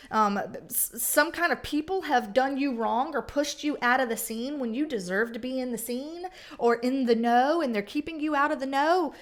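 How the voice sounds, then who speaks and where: A woman with a high voice reads tarot cards for her viewers in a loose, chatty way. She is blunt and salty, and she swears freely as she talks it through. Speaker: tarot reader. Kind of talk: casual tarot reading.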